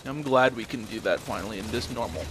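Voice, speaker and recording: A man's voice: on the low side, quick pace, noisy background. A young man ranting in a blunt, profane way, telling a story and then commenting on his game footage. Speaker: gameplay commentator.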